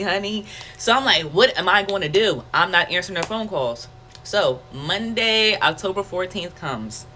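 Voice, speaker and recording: Bright-voiced woman telling her story. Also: lowish voice, a little hiss or hum. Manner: candid, conversational, animated storytelling with quoted self-talk. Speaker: testimony vlogger. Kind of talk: casual personal testimony.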